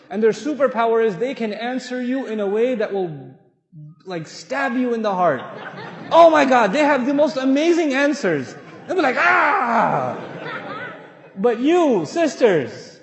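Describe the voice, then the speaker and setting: Animated preacher in an echoing hall. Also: male voice, high voice. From Pakistan. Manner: animated storyteller, acts out quoted people, laughs. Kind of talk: lively mosque lecture with anecdotes. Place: mosque hall. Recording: echoey hall reverb.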